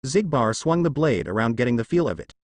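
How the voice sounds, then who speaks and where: A man reading fan fiction aloud as narrator in a steady storytelling way. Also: medium pitch, fairly quick.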